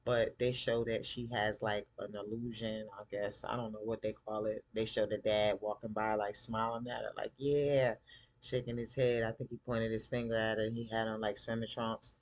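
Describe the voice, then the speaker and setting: A man casually recapping a TV episode, chatty and animated, acting out the characters' lines in a style. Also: on the low side, moderate pace, hardly any pauses. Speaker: TV show recap host.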